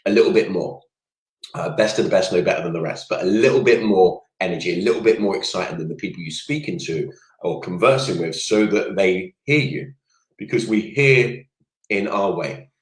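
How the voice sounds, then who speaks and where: A man's voice: low voice, normal speed. A man coaching viewers on a casual livestream, talking energetically and drifting off on tangents. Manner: energetic, rambling, goes off on tangents. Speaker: network marketing coach. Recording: roomy echoey room sound.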